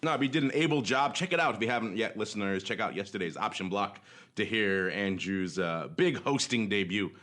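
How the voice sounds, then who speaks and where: A man's voice: on the low side, lively intonation, a little fast, fairly bright tone. A man hosting a casual markets podcast in an upbeat, rambling way, his voice slightly worn from days of talking. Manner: chatty, upbeat, rambling asides. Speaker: podcast host.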